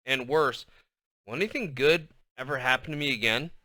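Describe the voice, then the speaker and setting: A man's voice: medium pitch, normal speed, sharp tone, no echo, close to an everyday voice. A man reading aloud, voicing a small fierce girl who is sad and hopeful, in a raised girlish voice. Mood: wondering.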